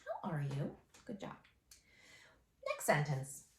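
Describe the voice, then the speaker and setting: A woman's voice: deep voice, wildly swooping pitch, slight background noise. Young woman teaching first graders, sing-songy and encouraging, roomy echo. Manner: slow, drawn-out dictation of sentences. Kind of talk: remote phonics lesson. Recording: echoey room.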